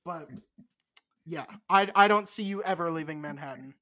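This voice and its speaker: Here a podcast co-host rambles loosely in relaxed, unscripted chat, cursing casually along the way. The pitch is middling and the speed normal.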